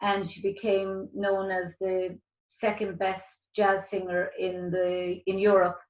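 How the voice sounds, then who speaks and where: A woman's voice: mid-range voice, completely flat delivery, slow pace, darkish tone, muffled recording. Older Irish woman, talk-show host, rambling casual delivery, roomy echo. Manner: rambling, many restarts. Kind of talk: casual interview chat.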